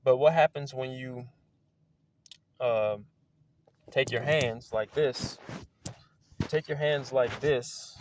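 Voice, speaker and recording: A man in a casual, rambling monologue outdoors, excitable and wandering, swearing now and then. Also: medium pitch, slow, long pauses, slight background noise. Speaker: video creator. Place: outdoors among trees.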